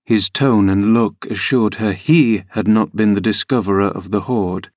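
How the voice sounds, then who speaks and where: A man narrating a classic novel as an audiobook reader, with a measured, steady reading. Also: fairly low pitch, no room sound, clean studio sound. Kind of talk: scripted narration.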